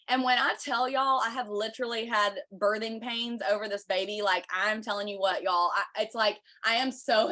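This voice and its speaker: A woman's voice: medium pitch, pushed and bright. A woman, hosting a chatty, bubbly livestream for her viewers. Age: 30s. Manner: bubbly, chatty, says y'all a lot. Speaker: podcast host.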